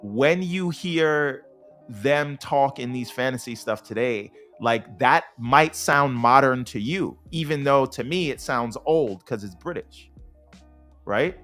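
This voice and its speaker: A man's voice: mid-range voice, takes it slowly, a bit bright, faint music behind. A man hosting a casual gaming podcast who thinks aloud, restarts his sentences and poses questions to his co-host. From United States.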